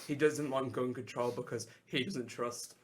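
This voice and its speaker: Young male co-host, middle-pitched voice, teasing and easygoing banter. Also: steady tone, normal speed, slightly rough. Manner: teasing, agreeable, frequent yeahs. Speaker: podcast co-host. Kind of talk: casual chat.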